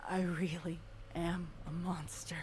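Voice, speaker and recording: A young pony mare recounts her guilt in a halting first-person audio drama, as a woman narrates her. The voice sits low and moves slowly, with stammers between phrases. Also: flat delivery, darkish tone, a little hiss or hum. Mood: shaken.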